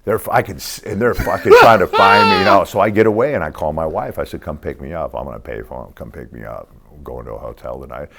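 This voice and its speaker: A man's voice: rumbling low, fast, creaky, few pauses, fairly bright tone, a little hiss or hum. A man in his sixties telling street stories in a casual, profane way as an interview guest, acting out the people in them. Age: 60s. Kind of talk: casual storytelling.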